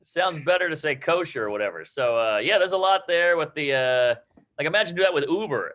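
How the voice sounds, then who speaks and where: A man coaching comedy, riffing loosely on joke ideas and acting out quick bits of dialogue. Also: fairly high pitch, lively intonation, a bit bright. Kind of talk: casual joke workshopping.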